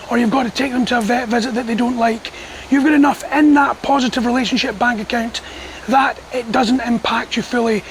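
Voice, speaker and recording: A dog trainer talks through his methods in a calm, firm, measured lesson. His voice sits very high with a gravelly edge. Light background noise and passing traffic sit under the speech. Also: low-quality recording. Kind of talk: instructional talk to camera.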